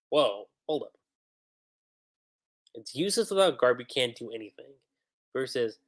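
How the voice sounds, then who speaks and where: A man hosting a livestream, reading manga dialogue aloud and commenting on how two translations differ, acting out the lines with lively emphasis. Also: medium pitch, unhurried, long pauses. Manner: reads character lines aloud with animated emphasis.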